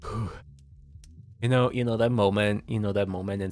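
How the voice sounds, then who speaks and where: A man's voice: lowish voice, steady tone, moderate pace, pauses often, a little mellow, slight background noise. A male VTuber streamer, not a native English speaker, chatting casually in a giggly, stammering way that repeats words. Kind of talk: casual livestream chat.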